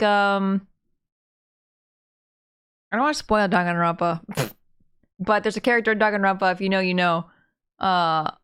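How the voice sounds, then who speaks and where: A woman's voice: medium pitch, a bit bright, slight background noise. A woman streamer chatting casually and giggling as she plays, with game music behind. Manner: giggly, chatty, reacts to chat. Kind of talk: casual chat while playing a game.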